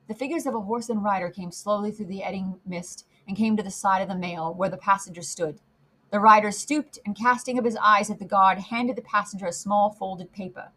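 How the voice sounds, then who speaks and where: A woman's voice: medium pitch, brisk, a bit bright. A woman narrating a classic novel with dramatic storytelling. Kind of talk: classic novel read aloud.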